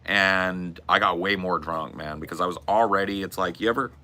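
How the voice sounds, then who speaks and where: A man's voice: low voice, moderate pace, heavy background noise. A man hosting a podcast, telling a loose, profane, rambling story in casual chat. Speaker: podcast host.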